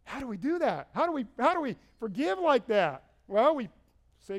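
A man's voice: very high voice, very animated, moderate pace. A middle-aged male pastor preaching a sermon in a conversational, storytelling way, repeating words for stress.

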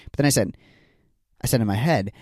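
A man's voice: mid-range voice, brisk, a little mellow, husky, no room sound. A young man hosting a solo comedy podcast on a studio mic, rambling through stories with exasperated, self-mocking energy. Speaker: podcast host. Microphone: studio podcast microphone.

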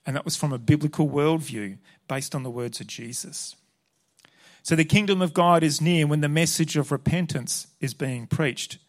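Male pastor, slightly raised pitch, emphatic sermon delivery with Scripture readings. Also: normal speed.

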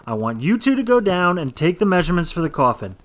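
A man's voice: high-pitched, big pitch swings, quick pace. An actor playing a gaunt, stern old male mortician who scolds his workers in a dry, formal way. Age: older.

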